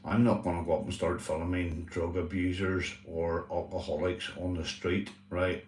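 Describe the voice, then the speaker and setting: A man's voice: deep voice, flat delivery, normal speed, a little mellow, roomy sound, recorded from a distance, slight background noise. A man hosting a casual livestream chat, talking earnestly and repetitively, swearing and calling his viewers "mate". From Northern Ireland. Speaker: livestream host.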